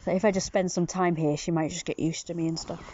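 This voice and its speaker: A woman's voice: fairly even intonation, quick pace. British woman, casual vlog narration, outdoors, lo-fi phone mic with faint background noise. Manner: coos in a high sing-song voice to a cat. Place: outdoors on a scooter.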